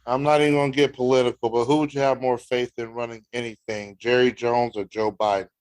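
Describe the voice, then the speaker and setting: A man's voice: medium pitch, little pitch movement, fast, darkish tone. A man with an American accent co-hosting a sports podcast in a joking, slangy way. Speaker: podcast co-host. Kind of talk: casual sports chat.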